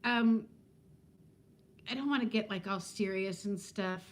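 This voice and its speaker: A woman's voice: medium pitch, unhurried. A woman in her fifties chatting casually on a live stream from home, talking to viewers by name and laughing often. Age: 50s. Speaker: vlogger hosting a live stream.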